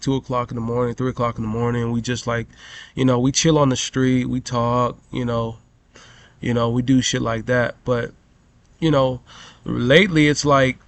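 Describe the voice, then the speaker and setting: A young man telling a profane, rambling story as a vlogger rant, full of "bro" and "you know". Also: mid-range voice.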